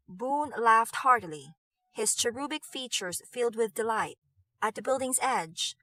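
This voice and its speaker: Woman, audiobook narration, measured, expressive, bright tone, dry booth. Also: a little high, no room sound. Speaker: audiobook reader.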